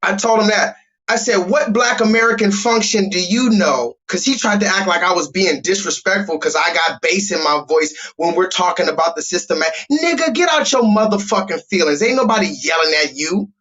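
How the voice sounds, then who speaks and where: Loud, profane high-voiced man ranting. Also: lively intonation, moderate pace. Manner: loud, blunt and profane, talking straight to chat. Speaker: livestream host. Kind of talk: profane livestream rant. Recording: dull lo-fi stream audio.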